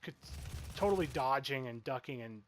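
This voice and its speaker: A man's voice: medium pitch, lively intonation, normal speed, a little hiss or hum. A man in his thirties giving a casual spoken movie review, rambling and exasperated and swearing freely. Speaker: film reviewer.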